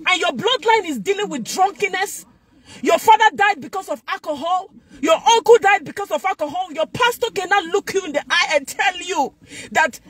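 A woman preacher delivers a fervent sermon in a very high voice. She exhorts her listeners and repeats her lines for emphasis. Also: sing-song, normal speed.

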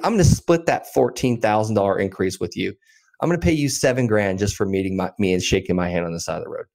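Low-voiced man telling an animated story. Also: quick pace, gravelly. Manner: animated storyteller acting out dialogue. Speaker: podcast guest, land investor. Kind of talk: storytelling in an interview.

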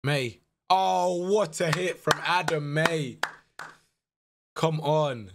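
A young man giving live commentary over a football management game, swinging from muttered dread to shouted excitement. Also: fairly high pitch, very slow, noisy background. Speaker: gaming YouTuber.

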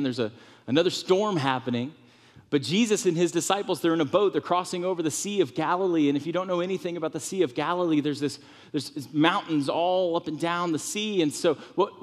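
A man preaching a sermon in a church with lively, animated delivery, sometimes softening to a hushed, comforting tone. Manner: animated preaching, drops to soft tones for comfort, rises high for emphasis. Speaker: pastor. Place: church sanctuary. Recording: long reverb of a church hall.

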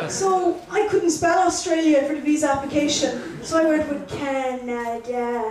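A young Irish woman performs stand-up on a comedy club stage, chatting with the crowd directly in a self-mocking way. Her voice is high-pitched and slow, picked up from a distance in a roomy live recording.

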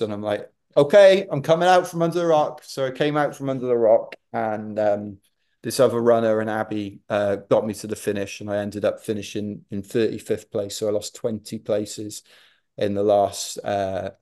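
A middle-aged man, a podcast guest, telling a running anecdote with animated self-deprecating humour. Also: fairly low pitch. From Wales. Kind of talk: anecdotal storytelling.

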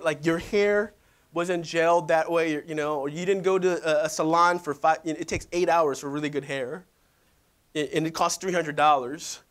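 A man's voice: fairly high pitch, steady tone, normal speed, fairly bright tone. A middle-aged male pastor preaching in a church, conversational and full of rhetorical questions to the audience. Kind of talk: sermon.

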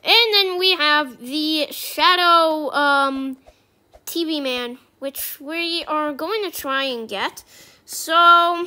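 A woman giving casual gameplay commentary as a YouTuber, talking through her choices and turning excitable when she gets lucky. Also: sits high. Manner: excitable, squealing with joy. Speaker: gaming YouTuber.

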